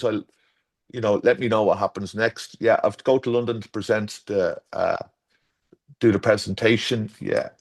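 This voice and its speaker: Irish guy, middle aged, really low voice, rambles on with stories and does little voices for quotes. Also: measured pace. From Ireland. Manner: rambling storyteller, restarts, acts out quotes with shifting pitch. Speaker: garden designer guest. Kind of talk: casual conversational interview.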